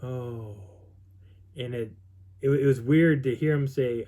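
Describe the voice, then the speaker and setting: Middle-aged guy rambling through a story for his channel, lots of restarts, normal pitch. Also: fairly even intonation, takes it slowly, warm tone. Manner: rambling, with many restarts and quoted dialogue. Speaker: vlogger recounting an outdoor experience. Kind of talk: casual storytelling.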